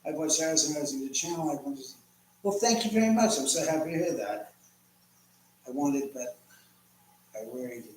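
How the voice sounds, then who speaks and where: A man's voice: a little high, animated, moderate pace, pauses often, slight background noise. Rambling man in an echoey room. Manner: rambling, chatty, reading viewer comments aloud. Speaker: livestream host. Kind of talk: casual live chat. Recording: echoey room from far off, faint ambience.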